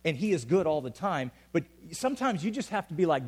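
A man preaching a sermon as pastor to a congregation, swinging between loud urgent calls and quiet, intimate asides. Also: fairly high pitch, big pitch swings, a little fast, hardly any pauses, slightly rough. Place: church hall with an audience.

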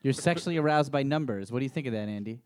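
A man guesting on a comedy podcast, firing off quick deadpan jokes. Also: medium pitch, no echo, studio quality. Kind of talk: casual comedy podcast chat.

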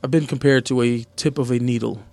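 A man's voice: mid-range voice, steady tone, brisk, darkish tone, dry recording. A man hosting a podcast, bantering crudely and mockingly, laughing often. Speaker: podcast host.

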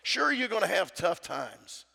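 Gravelly preacher man in a reverberant church. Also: high-pitched, sing-song, a little slow, sharp tone. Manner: preaching with call-and-response to the congregation. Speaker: pastor. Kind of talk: sermon. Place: church sanctuary. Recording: church sound with long reverb.

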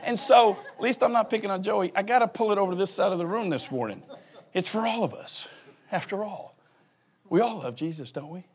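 A man's voice: sits high, animated, a little fast. A man in his forties, a pastor giving a humorous sermon and acting out little scenes as he laughs. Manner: joking storyteller who acts out voices and laughs.

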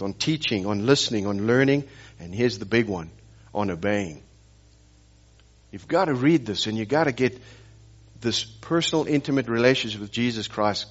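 A man's voice: lowish voice, dull audio. A man preaching a sermon as pastor, telling stories and pressing the congregation with rhetorical questions and emphatic repetition.

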